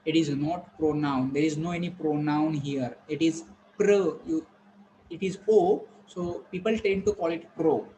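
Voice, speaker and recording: A man runs a pronunciation lesson for his students online. His voice sits a little high, and he keeps repeating words and questions as he drills them. A faint hum stays behind him throughout. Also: moderate pace, warm tone, poor audio. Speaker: English teacher.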